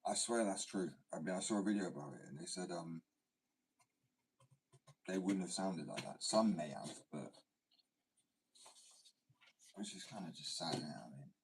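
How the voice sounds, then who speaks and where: A man's voice: low-pitched, animated, normal speed, creaky, pauses often, far from the mic, a little hiss or hum. A man, chatting and rambling casually while he works in a workshop, swearing and often dropping to a mutter. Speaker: skate workshop vlogger.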